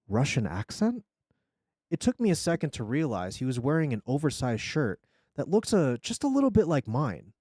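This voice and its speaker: A man streamer reading a scary story aloud in an expressive storytelling manner. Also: mid-range voice, moderate pace, dry recording, clean studio sound.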